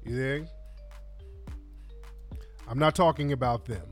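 A man hosting reaction commentary, mocking and animated, with lots of slang. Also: medium pitch, slow, faint music behind. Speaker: commentary host.

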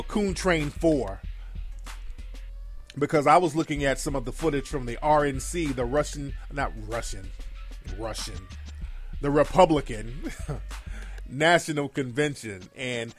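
A man hosting a call-in livestream show, delivering blunt, profane, emphatic commentary that repeats its key phrases for force. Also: fairly high pitch.

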